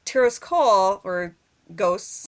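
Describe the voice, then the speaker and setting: A woman's voice: mid-range voice, lively intonation, slow. A woman, an author, chatting casually as a podcast guest, with a frequent "like" and "right?". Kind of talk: casual interview chat.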